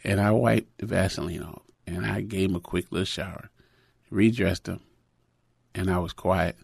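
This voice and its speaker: A man's voice: low-pitched, steady tone, moderate pace, gravelly, a little mellow, breathy edge, no room sound, studio quality. A middle-aged man preaching in a conversational sermon, telling a personal story with many fillers and restarts.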